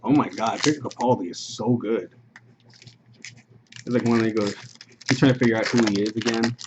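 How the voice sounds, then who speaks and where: A man's voice: lowish voice, brisk. A man hosting a live card break, rattling off player names with casual offhand asides. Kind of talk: casual live-stream chat. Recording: muffled stream audio with noise.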